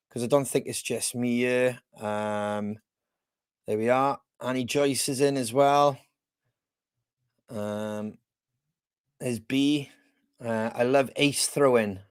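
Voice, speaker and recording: A man's voice: medium pitch, dry recording, studio quality. A man co-hosting a podcast, chatting in a rambling, easygoing way with lots of fillers over a video call. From Wales. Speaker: podcast co-host. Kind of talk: casual chat.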